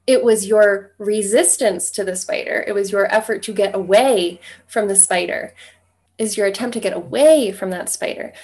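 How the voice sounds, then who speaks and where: A woman's voice: medium pitch, moderate pace, darkish tone. Woman coaching in casual, conversational tone. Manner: conversational, tags points with "right?". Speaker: divorce coach. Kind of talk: direct-to-camera coaching talk.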